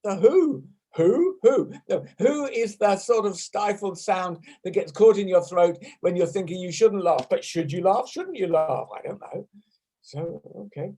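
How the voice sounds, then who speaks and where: A man's voice: high voice, moderate pace. Playful English man teaching laughter yoga. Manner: playful, self-mocking, demonstrating laugh sounds loudly. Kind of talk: online class instruction. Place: home room on a video call. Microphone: video call.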